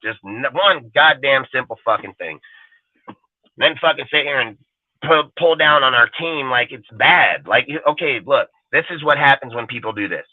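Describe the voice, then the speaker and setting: A man's voice: medium pitch, animated, normal speed, no room sound. Profane, fired-up man on a tinny line. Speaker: podcast host. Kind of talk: casual sports rant. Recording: dry, phone-like lo-fi audio.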